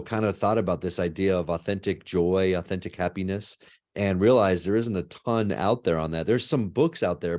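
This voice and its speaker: Speaking in a deep voice, a middle-aged professor of law and ethics tells lively stories as he answers an interviewer's questions, frequently adding "right?" along the way.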